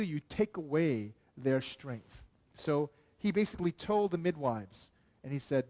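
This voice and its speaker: A man's voice: on the high side, lively intonation, moderate pace, a little mellow. A man preaching a sermon as pastor in a conversational way, often asking the congregation questions and checking in with "okay". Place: church.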